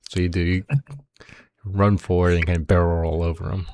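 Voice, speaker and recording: A man's voice: low-pitched, little pitch movement, brisk, a little mellow, no echo. A man running a tabletop game as game master, rambling and searching for words as he describes the action.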